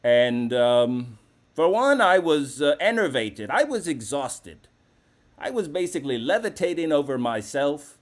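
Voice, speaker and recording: A man's voice: on the high side, very animated, a little slow. A man hosting a live call-in comedy show, talking in a brash, profane, rambling way. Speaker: host.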